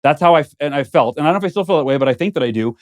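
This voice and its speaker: A man's voice: fairly high pitch, lively intonation, racing. A man as a guest author in an interview, talking earnestly and thinking aloud in a studio. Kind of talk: casual interview conversation.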